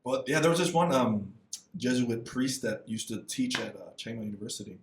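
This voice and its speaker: Animated man talking in a roomy space. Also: a little fast, far from the mic, noisy background. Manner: animated, acts out voices and quotes with big pitch jumps. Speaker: missionary guest. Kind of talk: casual interview conversation.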